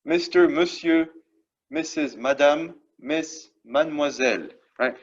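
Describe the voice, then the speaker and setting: A man's voice: fairly high pitch, measured pace, muffled recording. A man teaching French vocabulary to a class, explaining each phrase patiently and checking in after each one. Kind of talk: classroom lesson.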